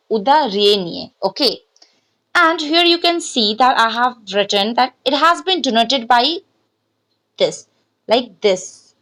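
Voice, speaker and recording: A woman's voice: on the high side, a bit bright, poor audio. A woman, teaching language as an online tutor and often checking in with "okay". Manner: repeats and restarts, frequent "okay" checks. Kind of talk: explaining to camera, mixing English and Hindi.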